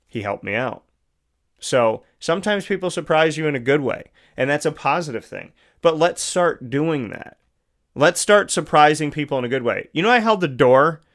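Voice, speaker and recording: A man's voice: mid-range voice, fairly bright tone, clear, resonant tone. Earnest preachy male radio host. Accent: Central New York. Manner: earnest, preachy and conversational with repeated phrases. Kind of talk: motivational monologue.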